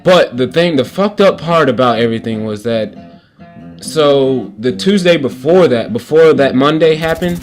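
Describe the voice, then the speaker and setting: A man's voice: mid-range voice, expressive, normal speed. A young man giving casual game commentary while telling a story, loose and rambling with lots of restarts and fillers. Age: young adult. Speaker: gaming commentator. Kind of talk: casual storytelling over gameplay. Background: faint guitar playing.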